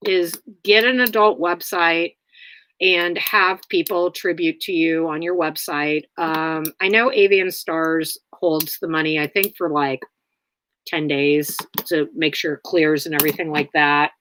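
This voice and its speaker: A woman's voice: low voice, steady tone, a little slow, fairly bright tone, slight background noise. A woman hosting a casual livestream, answering viewers in a blunt, rambling way with many fillers. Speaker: livestream host.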